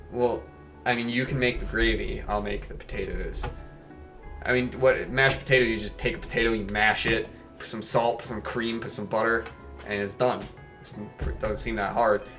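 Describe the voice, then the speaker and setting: A man's voice: lowish voice, fairly even intonation, moderate pace, fairly bright tone, faint music behind. A man playing a game and joking casually, reading the game text aloud and swearing freely. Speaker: gaming video host. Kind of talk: casual let's play commentary.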